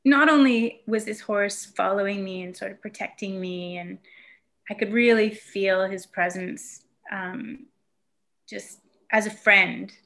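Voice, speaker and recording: Speaking at a measured pace, a US woman shares a childhood memory as a guest in casual conversation. Her mid-range voice sounds bright and forward, and her warm, reflective telling is full of fillers, "um"s and restarts as she recalls details.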